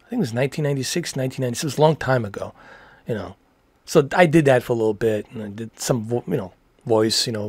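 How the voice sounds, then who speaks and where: A man in his forties chats loosely on a livestream, rambling and friendly with casual slang. His voice sits at a middle pitch. The sound is dry and close, with no room echo. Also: rapid-fire, a little mellow, breathy edge. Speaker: livestream host answering TV questions.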